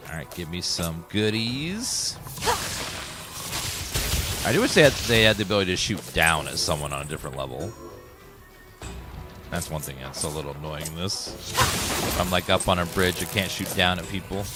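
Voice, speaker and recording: A male streamer gives relaxed commentary over gameplay in a low voice that swings widely in pitch as he reacts. Loud game music plays beneath him. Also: normal speed, pauses often. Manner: relaxed, thinking aloud, reading out loot. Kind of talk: casual live gameplay commentary.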